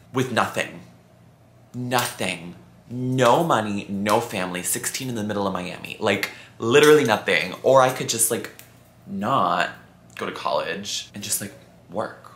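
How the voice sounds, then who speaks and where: A man of about twenty, the channel's host, answering viewer questions in a chatty, campy, expressive way. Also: lowish voice. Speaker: YouTuber. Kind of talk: casual Q&A vlog. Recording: echoey room.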